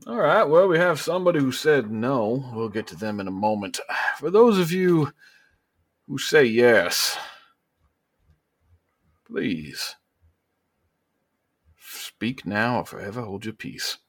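A man voicing a ruthless male governor who delivers slow, menacing speeches. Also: medium pitch, sing-song, voice pushed up, full character voice.

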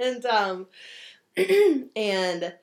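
A woman talking through a film in casual chat, lively and quick to laugh. She slips into the characters' voices to act out her favorite lines, then drops back into her own easy, everyday voice. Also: fairly high pitch. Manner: animated, laughs often, acts out quotes.

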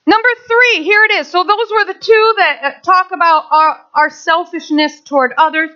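A middle-aged woman pastor delivers an animated sermon in a high, bright voice, full of rhetorical questions and chatty asides. The recording sounds dull and lo-fi. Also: moderate pace.

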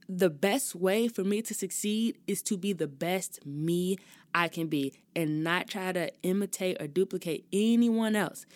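A young woman from Chicago hosting her own podcast, talking in a chatty, animated way with slang and frequent laughs. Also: on the low side, no echo. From Chicago, US Midwest. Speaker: podcast host. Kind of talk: casual solo podcast chat.

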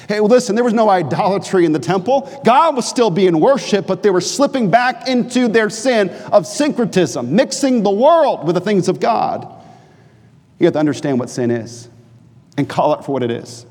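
A man from New Hampshire preaching a sermon, telling stories and jokes, then dropping low and earnest. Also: normal speed, long reverb tail. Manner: animated storytelling preacher, shifts from jokey to low and earnest. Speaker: pastor.

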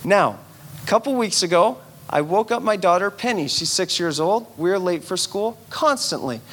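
High-voiced man preaching a sermon. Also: moderate pace. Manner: animated storytelling, urging the audience. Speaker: pastor.

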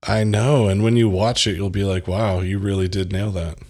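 Low-voiced animated male podcast co-host. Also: normal speed. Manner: animated storyteller, mimics voices, laughs often. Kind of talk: casual chat.

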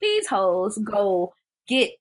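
A young woman recapping a film in casual chat, animated, laughing often and loudly acting out the characters' lines. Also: medium pitch, drawn-out words.

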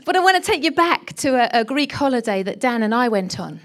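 A middle-aged woman preaching a sermon and telling a story with animated delivery, often dropping to a hushed whisper for emphasis. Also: on the high side, brisk.

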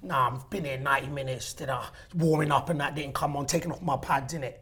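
A man, a former footballer hosting a casual interview chat and telling stories with animated energy. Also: mid-range voice, fast. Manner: animated storyteller, voice rising when excited. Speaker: podcast host, former footballer.

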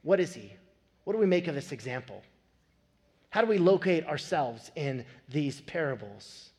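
A man in his thirties preaching a sermon, telling a family story with animated, building emphasis. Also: a little high, moderate pace. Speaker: pastor. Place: church sanctuary. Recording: long hall reverb.

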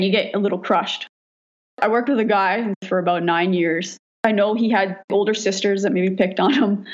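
A woman firefighter from Canada telling stories in a casual interview, frank and quick to laugh, swearing freely. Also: medium pitch. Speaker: firefighter guest. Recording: dull lo-fi recording.

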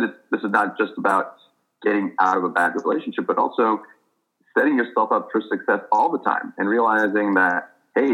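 Deep-voiced male author. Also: a bit bright, low-quality recording. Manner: thoughtful, measured, with fillers and restarts. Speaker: author and physician, guest. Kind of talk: interview conversation, storytelling.

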